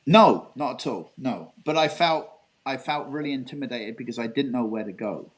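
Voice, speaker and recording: A man's voice: medium pitch, expressive, normal speed, low-quality recording. An English man from England, a guest telling a long rambling story, repeating himself and swearing. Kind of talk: casual storytelling interview.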